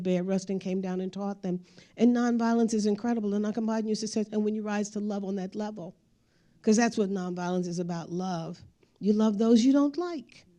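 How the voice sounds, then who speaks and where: A woman's voice: mid-range voice, dark tone. A woman giving a speech, telling family stories while showing pictures. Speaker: speaker. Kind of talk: storytelling speech with slides.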